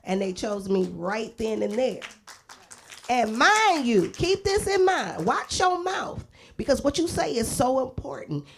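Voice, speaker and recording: Animated gravelly-voiced woman storyteller. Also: a little high, unhurried. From Los Angeles, USA. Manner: animated, acts out voices in her stories, laughs often. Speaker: guest actor. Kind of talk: live stage interview, storytelling.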